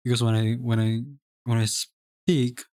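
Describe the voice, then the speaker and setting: A young Singaporean live streamer reads chat aloud in a medium, mellow monotone, unhurried yet chatty, rambling with many restarts and stammered repeats in a light local accent. It's clean studio audio without echo.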